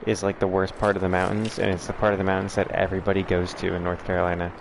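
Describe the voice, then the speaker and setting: Rambling streamer, lowish voice. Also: male voice, monotone, rapid-fire, vocal fry, noisy background. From southern United States. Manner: rambling, frank, many fillers and restarts. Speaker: livestream host. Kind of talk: casual chat answering viewers.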